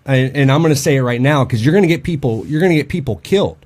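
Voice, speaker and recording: A man's voice: medium pitch, lively intonation, fast talker, darkish tone. A man hosting a casual podcast conversation, blunt and profane, with many fillers and restarts. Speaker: podcast host and dog trainer.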